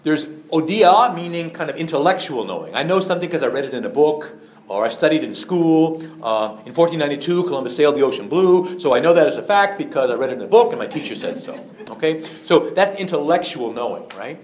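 A man's voice: on the high side, animated, quick pace, a little mellow, echoey room, low-quality recording. A man preaching a sermon as a priest, in an earnest, conversational manner that moves in and out of quoted voices.

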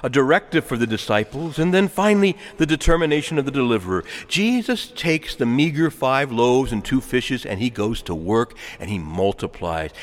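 A male priest giving a sermon, talking with animated swings in pitch and volume, adding asides and small laughs. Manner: animated preaching with wide swings, chuckles and asides. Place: large church. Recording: long church reverb.

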